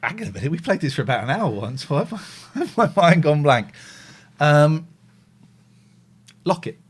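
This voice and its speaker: A man hosting a live show, chatting casually in a playful, teasing way with sudden loud outbursts. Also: on the high side, sing-song, moderate pace, husky. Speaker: radio host.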